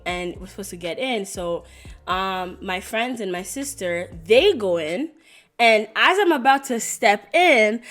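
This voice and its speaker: A young woman, telling stories in a casual vlog with lots of "like" fillers. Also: fairly high pitch. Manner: chatty and animated, lots of "like" fillers. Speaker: vlogger.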